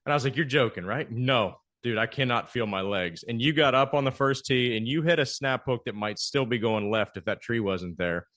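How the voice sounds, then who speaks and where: A man's voice: mid-range voice, moderate pace, hardly any pauses, a bit bright. A man hosting a podcast, telling a story in a casual chat and acting out the quoted lines. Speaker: podcast host.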